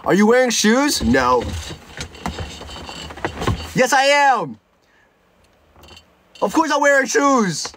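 High-voiced young man rambling on stream. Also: big pitch swings, slow, long pauses, fairly bright tone, slight background noise. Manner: rambling and joking, with many stuttered restarts. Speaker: live streamer. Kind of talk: casual livestream chat.

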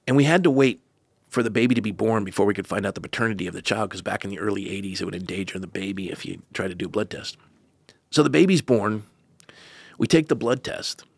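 A man tells a personal story as a guest pastor, earnest and dropping joking asides. His low voice is gravelly and husky. The sound is dry and close. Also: no echo. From United States.

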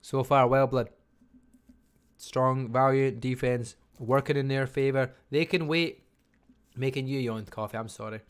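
A Scottish man casting a live online strategy game match, talking fast and chattily and barely stopping for breath. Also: medium pitch, fairly even intonation, clear, resonant tone. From Scotland. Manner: fast, chatty, talks without pausing. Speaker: game caster. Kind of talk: live esports commentary.

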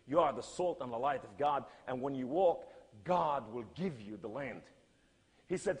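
A man preaching a sermon and telling a story in emphatic, non-native English, swinging between loud cries and hushed lines. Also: mid-range voice, animated, normal speed, slightly rough, in a large hall.

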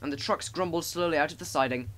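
A man narrating a children's railway storybook in a gentle, expressive reading. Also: fairly high pitch, quick pace. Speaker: audiobook narrator.

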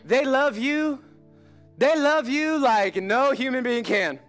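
A male pastor preaching a sermon in an animated, conversational, joking manner during a church service. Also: very high-pitched, slow pace, soft background music.

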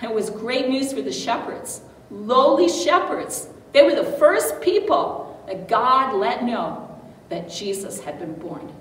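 A woman's voice: a little high, big pitch swings, slow. A woman giving an emphatic children's Bible lesson in an echoey hall. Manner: bright, emphatic teaching to children. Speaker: children's church teacher. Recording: echoey hall, distant mic, faint noise.

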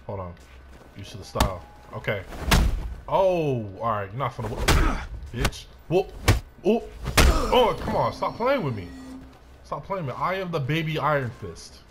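A man's voice: medium pitch, background noise. A young man giving hyped let's-play commentary, trash-talking and whooping as he plays. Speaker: gameplay commentator.

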